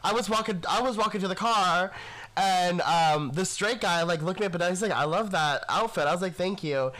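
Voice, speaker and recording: A man's voice: high voice, brisk, bright, forceful tone, rough recording. A young man co-hosting a podcast, chatting casually in a blunt, profane way with laughing asides. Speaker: podcast co-host. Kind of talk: casual storytelling chat.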